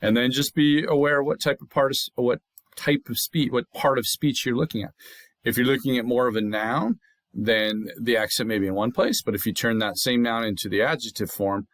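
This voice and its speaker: A man recording a lecture as an anatomy instructor, in a patient, explanatory manner, saying words slowly to show the pronunciation. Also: mid-range voice, fairly even intonation, a bit bright, dry recording.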